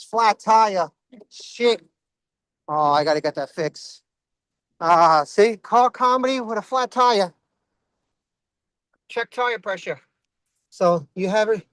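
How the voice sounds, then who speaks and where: A man's voice: sits high, a bit bright, no room sound. An Italian-American comedian doing a rambling stand-up set while driving, recorded inside his car. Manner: rambling, asks himself "what else is going on".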